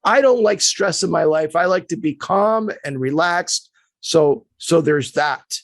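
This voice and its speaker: A man's voice: fairly high pitch, expressive, measured pace, vocal fry, dry recording. A man putting on the voice of an easygoing male pro hockey player who hates stress, in a dry, close recording.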